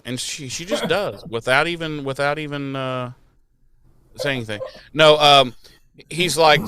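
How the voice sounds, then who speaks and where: A man hosting a podcast, casually retelling an episode with animated mocking voices for the characters and plenty of swearing. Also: mid-range voice, a little slow, clear, resonant tone, no room sound. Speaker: podcast host.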